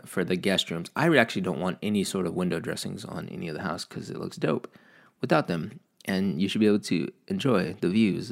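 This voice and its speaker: A man's voice: deep voice, creaky. A man telling a casual, rambling story as a vlogger, swearing a lot and poking fun at himself. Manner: rambling, heavy swearing, self-mocking.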